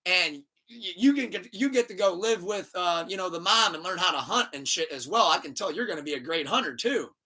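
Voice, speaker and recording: A man playing a booming lion king. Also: lively intonation, brisk, hardly any pauses, distant mic, exaggerated voice. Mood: commanding. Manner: loud, booming. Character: bossy male lion king, Scar's father.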